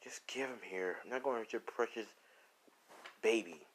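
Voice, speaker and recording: A man voicing a bitter young man who answers his former lover in a flat, dismissive tone. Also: lowish voice, normal speed, close to an everyday voice, poor audio. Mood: cold.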